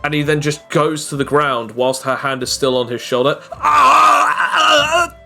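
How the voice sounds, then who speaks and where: A man narrating as game master of a tabletop game, talking quickly and often repeating words as he goes. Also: medium pitch, fairly even intonation, fairly bright tone, faint music behind.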